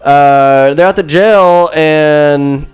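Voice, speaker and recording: A man's voice: a little high, drawn-out words, smooth, soft background music. A man hosting a podcast, retelling a film in a rambling, profane, irreverent way and acting out the characters. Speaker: podcast host. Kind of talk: rambling comic movie recap.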